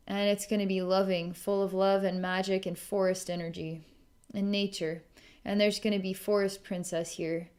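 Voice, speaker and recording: A woman speaking in a middle register as she gives a psychic reading to a client. She muses aloud, pauses often and sighs, with little laughs scattered through. Her voice sits at an ordinary pitch, neither high nor low. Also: level tone, darkish tone. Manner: musing, halting, with frequent ums and sighs. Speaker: psychic reader. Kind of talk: recorded psychic session.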